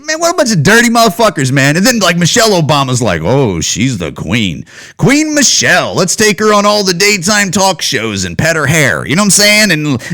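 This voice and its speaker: Male podcast host, profane rambling rant, slightly higher voice, pitch swinging widely. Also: pushed and bright. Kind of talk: casual solo podcast rant.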